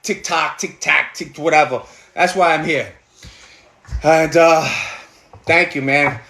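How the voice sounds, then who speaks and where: Blunt New York man, high voice. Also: slow pace, pushed and bright, echoey room. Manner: blunt, profane, rambling, repeats himself. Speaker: livestream host. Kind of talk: casual rant while cooking. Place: home kitchen.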